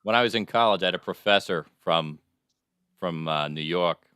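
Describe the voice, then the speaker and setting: A man's voice: sits low, normal speed, bright, forceful tone, smooth, dry recording, studio quality. A man hosting a casual podcast, crude and joking as he steers the show. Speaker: podcast host. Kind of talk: casual chat.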